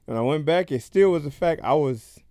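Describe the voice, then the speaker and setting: Man, podcast guest, quick candid storytelling, clear smooth voice, dry close sound. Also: on the high side, lively intonation, warm tone, no room sound. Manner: candid, rapid, conversational storytelling. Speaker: guest, professional fighter.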